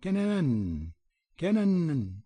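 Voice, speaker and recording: A man voicing a frantic mother pheasant with shrill, screeching cries in a storybook. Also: wildly swooping pitch, drawn-out words, mellow, full character voice. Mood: shrill alarm.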